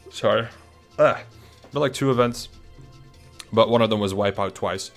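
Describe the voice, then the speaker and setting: A man's voice: medium pitch, moderate pace, gravelly, long pauses. A young man talking casually through a ranked list of players, chatty and hesitant, with many fillers and restarts. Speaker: video creator ranking players. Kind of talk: casual ranking commentary. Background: faint music.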